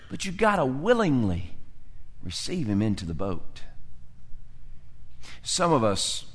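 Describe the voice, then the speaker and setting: A man preaching a sermon as pastor, acting out characters and swinging from loud to hushed. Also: fairly low pitch, in a large hall.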